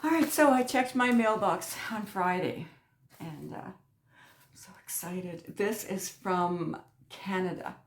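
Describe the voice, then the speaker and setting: A woman hosting a crochet channel, chatting casually as she unboxes mail, gushing and excitable, often dropping to a soft near-whisper. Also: medium pitch, slow pace. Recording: echoey room.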